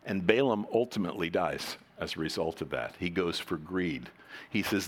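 Low-voiced man preaching a chatty sermon. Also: normal speed, a little hiss or hum. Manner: conversational, jokey, acts out quoted voices. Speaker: pastor.

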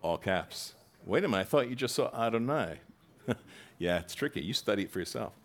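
A man preaching a sermon, reading scripture aloud with bursts of loud emphasis and casual asides to the congregation. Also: lowish voice, animated, brisk. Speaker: pastor.

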